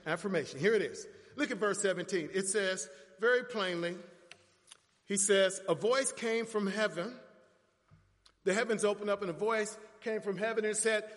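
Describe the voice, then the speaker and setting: A man preaching a sermon, emphatic and full of rhetorical questions, in a church. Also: sits high. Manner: emphatic, rhetorical questions, rising to near shouts. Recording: long church reverb.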